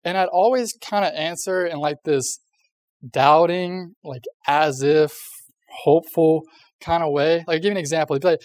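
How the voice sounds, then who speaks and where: A man's voice: on the high side, brisk, dry recording. A young man giving a casual youth sermon, chatty and full of fillers, often acting out little voices. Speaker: youth pastor.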